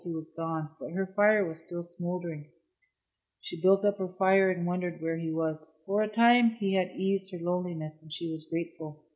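A storyteller telling an old legend in a measured, solemn way, each line set down with care. The voice sits in a middle pitch, steady and plain. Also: poor audio. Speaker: narrator. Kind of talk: storybook narration.

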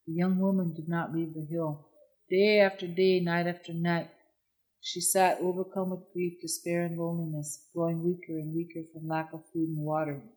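A narrator reading a legend-like tale in a measured, solemn storybook manner. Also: medium pitch, level tone, darkish tone, poor audio.

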